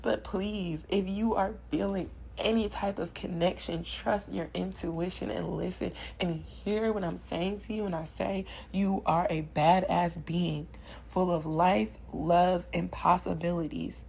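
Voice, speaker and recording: A woman's voice: on the low side, steady tone, unhurried, gravelly, a little mellow, a little hiss or hum, poor audio. A young woman doing a channeled tarot reading, preaching affirmations with passion and sighing between lines. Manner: impassioned, preachy, repetitive affirmations. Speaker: spiritual card reader.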